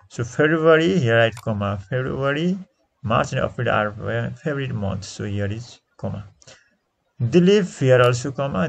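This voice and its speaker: A man with a Nepali accent teaching an English lesson, repeating each answer slowly and switching into Nepali to explain. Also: mid-range voice, creaky, breathy edge.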